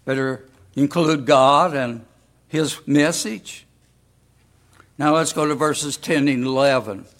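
A man preaching a sermon as pastor, deliberate and full of rhetorical questions to the congregation. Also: a little high, fairly bright tone.

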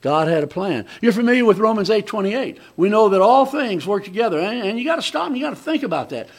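A man preaching a conversational sermon, often restarting his sentences and swinging between loud emphatic lines and quiet asides. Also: high voice, expressive, quick pace.

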